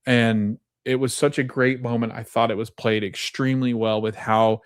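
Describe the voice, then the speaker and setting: A man's voice: medium pitch, level tone, moderate pace, clean tone, dry recording, clean studio sound. A man hosting a podcast, casually recapping a TV episode and acting out quoted lines as he goes. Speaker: podcast host.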